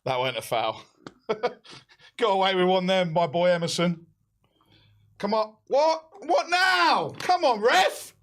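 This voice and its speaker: A young man hosting a live football watch-along, excitable and shouting encouragement. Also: high voice, slow pace, pauses often.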